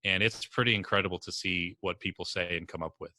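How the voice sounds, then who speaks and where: A man's voice: sits low, fast, dry recording. A man from the New Jersey or New York area with a New York-area accent, a business coach telling stories bluntly and energetically in a podcast interview. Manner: blunt, energetic storytelling with strong language.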